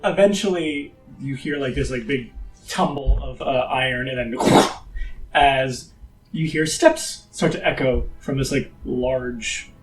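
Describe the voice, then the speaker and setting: A man's voice: medium pitch, takes it slowly, faint music behind, low-quality recording. A man narrating a tabletop game as game master in a loose, casual way with lots of filler words.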